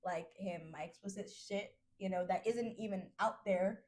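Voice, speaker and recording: A woman's voice: mid-range voice, normal speed, darkish tone. Blunt, profane woman with AAVE speech. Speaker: podcast host. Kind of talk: casual chat.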